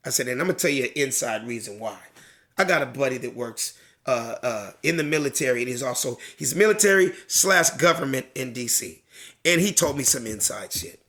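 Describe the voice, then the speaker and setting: Animated, bright-voiced male comedian. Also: medium pitch, brisk. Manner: animated storyteller, acts out crowd voices, swears freely. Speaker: stand-up comedian, podcast guest. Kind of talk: casual podcast chat, retelling a stand-up bit.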